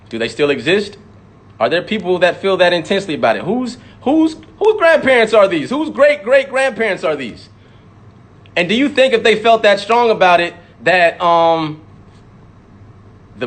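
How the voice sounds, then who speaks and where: A man's voice: high voice, lively intonation, moderate pace. A man, a rapper, delivering an impassioned, profane monologue to camera and repeating words for emphasis.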